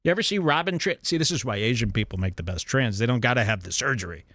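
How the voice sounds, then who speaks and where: A man's voice: lively intonation, fast talker, fairly bright tone. A man hosting a podcast, ranting crudely and mockingly in a comedic style. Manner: mocking, exaggerated, swings pitch wildly. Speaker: podcast host.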